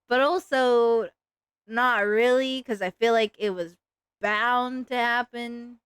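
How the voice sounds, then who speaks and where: A woman chats loosely on a livestream while drawing, filling her talk with "like" as she rambles. Her voice sits a bit high and comes through smooth and clear. The sound is dry and close, with no room echo. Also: slow pace, a bit bright. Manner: rambling, lots of "like" fillers. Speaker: streamer.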